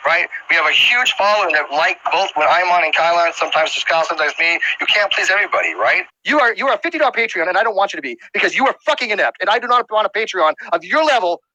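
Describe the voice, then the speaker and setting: Guy hosting a stream, ranting super fast, swears a lot, bright voice, dry close mic. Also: high-pitched, sing-song, dry recording, highs cut off. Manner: angry, swearing, rapid-fire demands. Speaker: livestream show host. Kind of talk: heated livestream argument.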